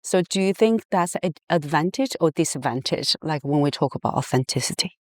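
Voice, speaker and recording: A man's voice: fairly high pitch, lively intonation, a little fast, darkish tone, no echo, studio quality. A man from China hosting an interview, asking eager probing questions and adding frequent short affirmations. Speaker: podcast host, interviewer. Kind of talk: conversational interview.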